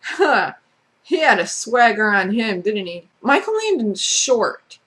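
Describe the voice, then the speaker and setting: A woman's voice: fairly high pitch, big pitch swings, a little slow, a bit bright. A woman vlogger in a casual, sarcastic rant who talks bluntly and swears freely. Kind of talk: casual ranting monologue.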